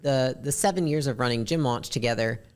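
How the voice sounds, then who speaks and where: This woman, a podcast guest, has a deep, raspy voice and speaks bluntly and candidly. She swears casually and talks fast, in bursts.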